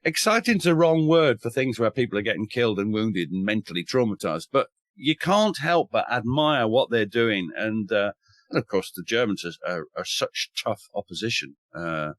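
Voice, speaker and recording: A man's voice: lowish voice, lively intonation, moderate pace, no echo. A man from the north of England, a historian chatting casually and eagerly on a podcast, with wry humor, mild swearing and many restarts. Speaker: historian and author.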